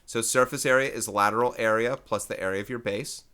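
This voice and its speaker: A man's voice: mid-range voice, steady tone, brisk, bright, forceful tone, clean tone. A man teaching a recorded math lesson in a casual way, thinking aloud and correcting himself as he works through problems.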